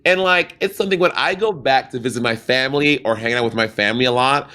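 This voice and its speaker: A man's voice: mid-range voice, fast talker, sharp tone. A man from Saint Lucia co-hosting a podcast, chatting casually with lots of fillers. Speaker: podcast co-host. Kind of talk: casual chat.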